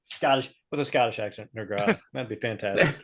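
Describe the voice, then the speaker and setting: A man's voice: medium pitch, brisk, gravelly, fairly bright tone. A man playing in an online tabletop game, chatting playfully and laughing often. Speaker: player. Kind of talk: casual chat in an online game.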